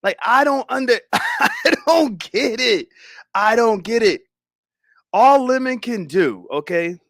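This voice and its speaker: Animated young man hosting a stream. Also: extremely high pitch, slow pace, no room sound, clean studio sound. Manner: animated, swearing, laughing, talking to chat. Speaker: livestream host. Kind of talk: casual stream chat.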